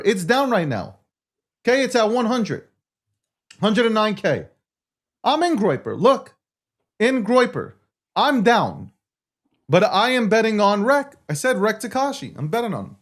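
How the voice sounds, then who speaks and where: A man's voice: high voice, big pitch swings, unhurried, pauses often. A man hosting a live crypto stream, talking in a brash, profane, boastful way. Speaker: show host.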